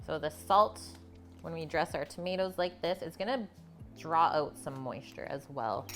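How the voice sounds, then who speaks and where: A woman's voice: sits low, normal speed, soft background music. A woman hosting a live cooking stream from her home kitchen, chatting casually and explaining each step as she goes. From Canada.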